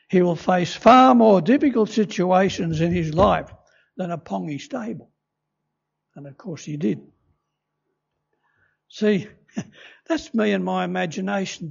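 Gravelly older preacher. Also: male voice, high-pitched. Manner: chatty, self-amused storytelling. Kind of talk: sermon. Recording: dull lo-fi recording.

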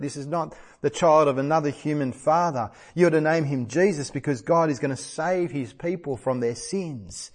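Male preacher, middle-aged, slightly high voice, emphatic sermon delivery. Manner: earnest, emphatic, repeats phrases for stress.

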